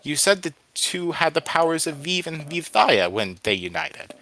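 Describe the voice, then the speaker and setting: A man's voice: on the high side, sing-song, normal speed, sharp tone, no echo, voice pushed up, heavily acted. A man voicing a sly chatty wind spirit. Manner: chatty, candid, wheedling. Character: sly ancient male wind spirit, small voiced.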